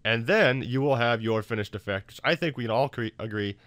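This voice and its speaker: A man's voice: mid-range voice, a little fast, fairly bright tone, dry recording. Easygoing man rambling through a tutorial. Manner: loose, full of fillers and restarts. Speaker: YouTube tutorial maker. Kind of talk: casual software tutorial narration.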